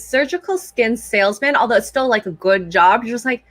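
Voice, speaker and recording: A woman's voice: fairly high pitch, animated, moderate pace, fairly bright tone, no echo. A woman co-hosting a casual reaction chat, playful and giggly with enthusiastic asides. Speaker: co-host.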